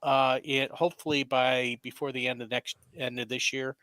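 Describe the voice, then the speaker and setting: A man's voice: mid-range voice, little pitch movement, moderate pace, a loud crowd. A man chatting as a guest author on a casual podcast. He rambles with fillers while he promotes himself and jokes with the hosts. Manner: rambling, self-promoting, joking.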